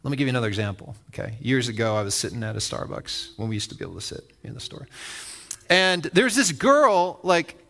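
A little fast, with a mid-range voice and some vocal fry, this pastor gives a conversational sermon. He tells animated stories, acts out the voices within them, and asks his audience questions.

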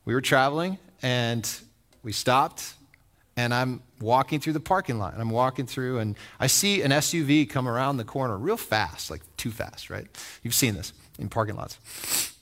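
This pastor speaks at a medium pitch and a moderate pace. His sermon is conversational and animated: he tells stories, performs the voices of the people in them, and puts questions to his listeners.

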